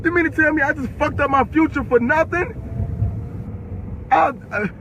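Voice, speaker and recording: A man's voice: very high voice, moderate pace, a bit bright, slight background noise, rough recording. An eighteen-year-old man from the Chicago area, ranting on a livestream, furious and profane, repeating himself. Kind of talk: angry livestream rant.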